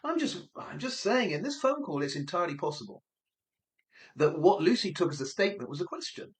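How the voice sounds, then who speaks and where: A man's voice: high-pitched, expressive, brisk. Man musing through a speculative monologue. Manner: musing, speculative, acts out quoted voices. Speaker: online commentator.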